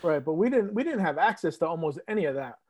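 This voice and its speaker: A man's voice: on the high side, very animated, fast, slightly rough, dry recording. A man in his fifties from New England, reminiscing in rambling casual chat with many fillers, as a guest on a podcast. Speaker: guest, host's father or uncle.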